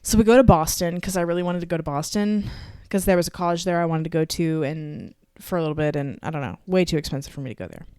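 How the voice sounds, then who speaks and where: Woman, Texan accent, podcast co-host, animated storyteller, lowish voice, dry sound. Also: fast talker, hardly any pauses, smooth, no echo. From Texas. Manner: animated storytelling with swearing and laughter. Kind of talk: casual chat.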